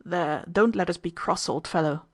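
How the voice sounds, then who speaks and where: A woman's voice: on the low side, moderate pace, dry recording, studio quality, lightly acted. A woman voicing a cheerful, condescending French army officer in an audiobook. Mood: jovial. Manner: jovial, condescending.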